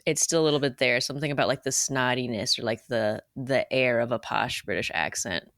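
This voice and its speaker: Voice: mid-range voice, fairly quick, a bit bright, no echo, clean studio sound. A podcast co-host in casual chat, playful and joking at their own expense. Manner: playful, self-mocking asides.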